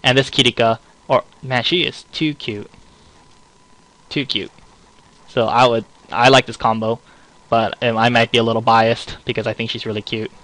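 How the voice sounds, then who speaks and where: A man's voice: mid-range voice, completely flat delivery, fairly quick, fairly bright tone, poor audio. A man casually reviewing card game previews, rambling and second-guessing himself aloud, his voice getting worn.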